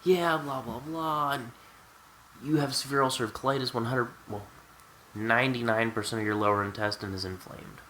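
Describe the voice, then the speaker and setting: A cocky, dismissive doctor, as a man quotes him in a story, breezy and offhand, pitched a little higher and brighter. The delivery stays light and casual. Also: fairly even intonation, normal speed, a little hiss or hum, natural voice.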